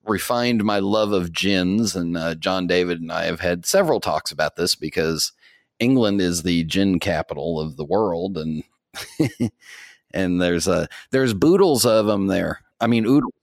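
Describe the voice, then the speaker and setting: An American man with a very low voice, chatting on a podcast. He rambles along with lots of fillers and soft chuckles. The sound is dry and close. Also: animated, unhurried, gravelly, dry recording. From United States. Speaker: podcast co-host. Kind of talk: casual podcast chat.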